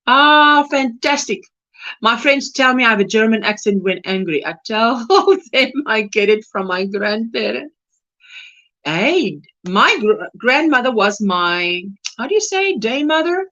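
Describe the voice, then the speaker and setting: A woman's voice: on the high side, lively intonation, a little slow, sharp tone, lo-fi sound. A South African woman hosting a crochet livestream, chatting casually and reading out and greeting viewers' comments by name.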